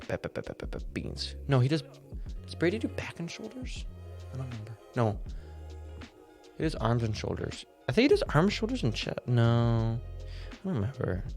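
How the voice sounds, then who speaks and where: A young man with a gravelly, fry-laden voice pitched on the low side, co-hosting a casual podcast. He rambles and jokes, telling stories with lots of animation, while faint music plays underneath. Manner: rambling, jokey, animated storytelling. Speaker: podcast co-host. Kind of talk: casual chat.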